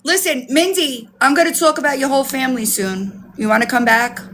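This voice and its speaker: A woman's voice: high voice, fairly quick, fairly bright tone. A woman livestreaming who rants with outrage, swears often and repeats herself, greeting viewers by name. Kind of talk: casual livestream rant.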